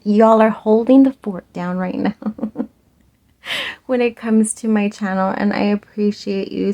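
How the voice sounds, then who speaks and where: A young woman talks through a pick-a-card tarot reading in a loose, chatty way, with plenty of "like" and "um". Her voice sits at an ordinary middle pitch. She laughs often, and her loudness swings, dropping soft at the ends of phrases. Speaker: tarot reader.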